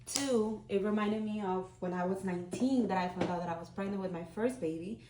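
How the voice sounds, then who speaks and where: A woman's voice: medium pitch, brisk, noisy background. A woman in her thirties, a vlogger, telling a personal story in a candid, heartfelt, conversational way. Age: 30s. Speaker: vlogger, single mom. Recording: roomy echo.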